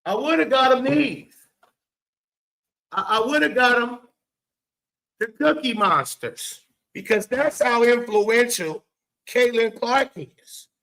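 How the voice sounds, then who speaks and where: A man hosting a casual live stream, animated, swearing and talking back to his chat. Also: extremely high pitch, takes it slowly, gravelly, pauses often. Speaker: show host.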